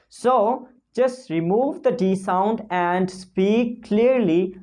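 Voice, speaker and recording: A woman teaching spoken English pronunciation, talking casually to camera and slowly repeating model phrases for learners to copy. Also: medium pitch, mellow. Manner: many fillers and restarts, non-native phrasing.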